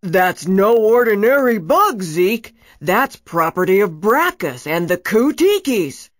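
A woman's voice: medium pitch, very animated, takes it slowly, dry recording, studio quality. A woman doing a firm superhero sidekick. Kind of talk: storybook reading.

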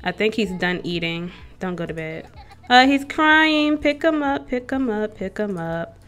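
A woman's voice: on the low side, normal speed, faint music behind. A young woman gives casual gameplay commentary as a let's play host, chatting to her characters and to viewers.

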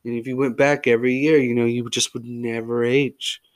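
A man's voice: mid-range voice, normal speed. A man hosting a sports history podcast, telling stories in a joking, goofy way. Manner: joking, goofy, lively storytelling. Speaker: podcast host. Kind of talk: casual podcast narration.

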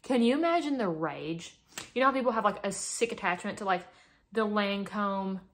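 A woman's voice: medium pitch, expressive, moderate pace, a bit bright, slight background noise. Chatty, dramatic young woman vlogger. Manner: chatty, dramatic, playful exaggeration. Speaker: beauty vlogger. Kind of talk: casual makeup vlog.

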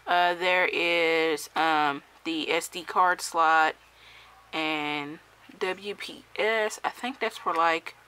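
Slow, hesitant woman with a bright voice. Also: sits low, fairly even intonation, clear, resonant tone, low-quality recording. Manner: hesitant, many ums and self-corrections. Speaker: product reviewer. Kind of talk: casual unboxing review.

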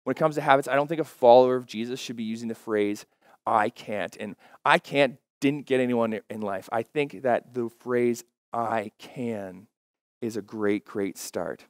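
A man's voice: mid-range voice, no echo. Emphatic pastor man, dry sound. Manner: emphatic, repeats key phrases slowly. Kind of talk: sermon. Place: church.

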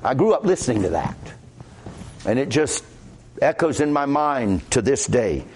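A man's voice: medium pitch, sing-song, moderate pace, a little mellow, a little hiss or hum. A man with a Midwestern American accent preaching a sermon as pastor, conversational and quoting scripture aloud.

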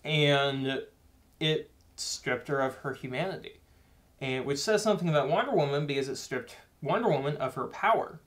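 A man's voice: fairly high pitch, expressive, moderate pace, fairly bright tone. A young man co-hosting a casual movie review chat, earnest and rambling as he works through his points. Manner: earnest, rambling with many fillers and restarts. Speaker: co-host of a movie review show.

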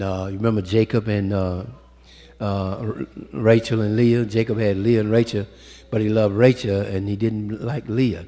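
A man preaching a sermon, swinging from loud calls to hushed storytelling and calling out to the congregation, in a church sanctuary. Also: lowish voice, husky. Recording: echoey hall with long reverb.

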